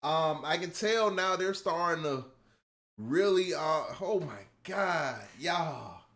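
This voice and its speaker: Man, reaction video host, casual commentary, excitable, slightly high voice, talks to viewers. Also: slow, slight background noise. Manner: excitable, addresses viewers as y'all, drifts between hushed musing and loud hype.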